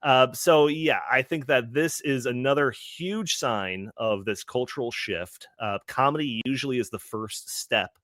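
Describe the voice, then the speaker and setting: A man explains at length as a podcast panelist, his talk loose and full of fillers. His voice sits at a middle pitch and comes through dry and close to the mic. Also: unhurried, hardly any pauses, a bit bright, no room sound. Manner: rambling, filler-heavy explaining. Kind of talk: casual podcast chat.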